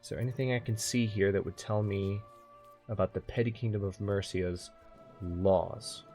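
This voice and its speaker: A man with a fairly low voice talks through a strategy game in an easygoing, rambling way, thinking aloud as he plays. Soft music runs quietly beneath his talk. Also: fairly even intonation, moderate pace. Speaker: let's play host. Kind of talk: casual gaming commentary.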